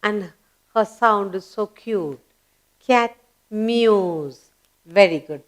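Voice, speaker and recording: Her tone is fairly bright, her pitch medium, her pace slightly slow. A woman gives small children a grammar lesson, coaxing and emphatic, answering her own questions and spelling each word out one letter at a time.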